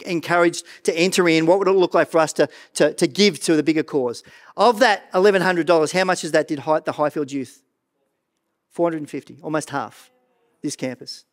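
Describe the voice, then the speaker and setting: Earnest high-voiced male pastor preaching. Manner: earnest, animated preaching with stumbles and repeats. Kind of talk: sermon. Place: church.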